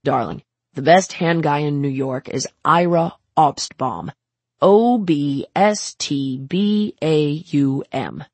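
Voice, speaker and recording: A woman's voice: deep voice, a little mellow, no room sound. Woman doing a blunt, bossy, doting older man. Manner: brisk, bossy, affectionate.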